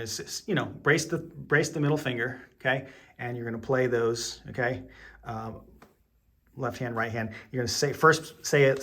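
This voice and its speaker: A man's voice: mid-range voice, fairly bright tone. A man giving an online piano lesson, explaining each step patiently with plenty of ums and okays. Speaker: piano teacher. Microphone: camera mic.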